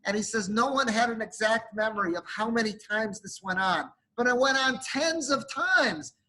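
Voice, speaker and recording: A man's voice: high-pitched, normal speed, sharp tone, rough recording. A male rabbi giving a sermon, telling an emotive story and sprinkling in Hebrew and Yiddish terms.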